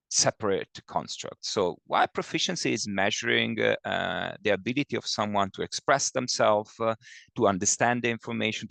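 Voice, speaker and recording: A man presents an academic talk in a webinar over a video call. His voice sits low and gravelly, and he speaks haltingly with many fillers, often checking in with "okay?". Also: a bit bright, no room sound. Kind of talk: webinar lecture. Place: home or office, speaking from afar over the web. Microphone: video call computer mic.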